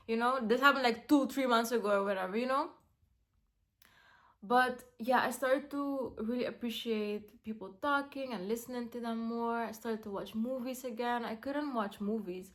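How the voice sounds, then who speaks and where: A young woman vlogging casually, rambling with many fillers and dropping to a soft, calm tone for self-affirmations. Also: fairly high pitch, a little slow. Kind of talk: casual self-talk vlog.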